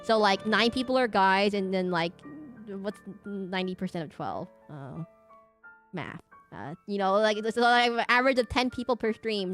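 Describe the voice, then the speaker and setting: A woman's voice: medium pitch, a bit bright. A woman in her thirties chatting casually with her stream chat, rambling and giggling with lots of fillers. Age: 30s. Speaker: VTuber streamer.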